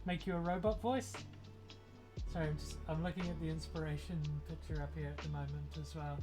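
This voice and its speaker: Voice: mid-range voice, steady tone, a little fast. Rambling New Zealand streamer with faint music. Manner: rambling, many ums, thinks aloud while painting. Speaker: streamer painting miniatures. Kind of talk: casual livestream chat while working.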